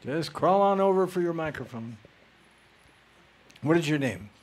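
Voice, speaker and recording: A man's voice: fairly high pitch, unhurried. A man giving a spiritual lecture and answering audience questions, playful and emphatic. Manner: animated, playful, teasing, emphatic.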